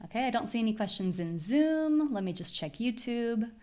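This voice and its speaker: A woman's voice: on the high side, lively intonation, a little mellow. American woman teaching pronunciation aloud. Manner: clear, modeling words slowly with exaggerated stress. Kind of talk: live online class.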